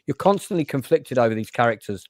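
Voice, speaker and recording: A man's voice: medium pitch, lively intonation, fast, dry recording. A British man hosts a casual online chat about film and TV. He rambles and hesitates, with lots of fillers. His mid-range voice is recorded dry and close on his own mic. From Britain. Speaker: host. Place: online chat show with live chat.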